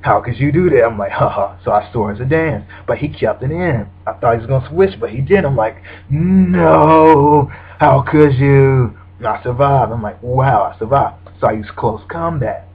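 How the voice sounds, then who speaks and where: A man's voice: medium pitch, animated, fairly quick, few pauses, slightly rough. A man giving casual play-by-play commentary on his own video game match, acting out his reactions as he goes. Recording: dull lo-fi recording.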